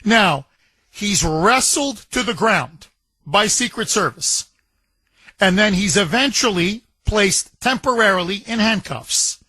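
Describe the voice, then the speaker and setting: A man hosting political talk radio in a high, bright, forceful voice. He hammers his points and repeats phrases for emphasis. The studio sound is close and dry. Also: slow pace, husky, no echo. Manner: emphatic, repetitive, animated retelling with quoted voices. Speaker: radio talk show host.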